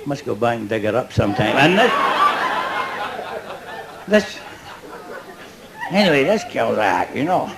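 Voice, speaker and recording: A man's voice: medium pitch, big pitch swings, unhurried, vocal fry, pauses often, a crowd in the background, poor audio. An older Scottish man doing a stand-up routine before a live audience, chatty and cheeky, laughing at his own jokes. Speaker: stand-up comedian.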